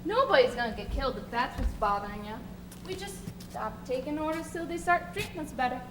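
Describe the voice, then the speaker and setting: A woman's voice: high voice, animated, brisk, over music. A woman playing a bitter, rebellious male sailor with coarse, crude talk in a live stage play. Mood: conspiratorial. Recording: stage recording with faint noise.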